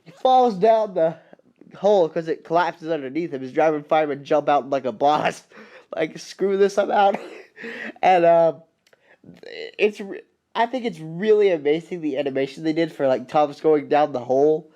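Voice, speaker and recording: A man casually recapping a film he loves, rambling and excited, with many fillers and restarts. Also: fairly high pitch, normal speed, muffled recording.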